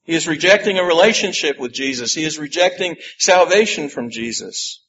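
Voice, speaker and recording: A man preaching a sermon, slow and emphatic, with dramatic pauses. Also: a little high, lively intonation, fairly bright tone, muffled recording, slight background noise. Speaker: pastor.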